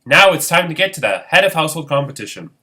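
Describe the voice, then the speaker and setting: A man's voice: a little high, very animated, fast, bright, forceful tone. Goofy, irreverent male game-show host. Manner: goofy, irreverent, playful asides. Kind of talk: jokey game-show hosting.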